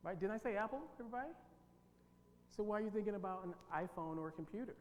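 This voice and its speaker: His high-pitched voice comes rapid-fire as he leads an interactive team-building workshop, emphasizing points and quizzing the audience. It's recorded in a church hall, with long reverb and a faint hum.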